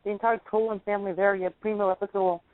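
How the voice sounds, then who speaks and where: A man co-hosting a casual wrestling radio show, eager and quick to rattle off names. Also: sits high, level tone, no room sound. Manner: quick, eager, listing names off the top of his head. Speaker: podcast co-host. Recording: tinny phone-line audio, dry.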